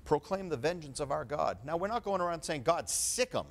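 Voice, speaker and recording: A male preacher delivering a fervent sermon full of rhetorical questions, swinging between quiet talk and loud preaching. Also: on the high side, expressive, fast talker.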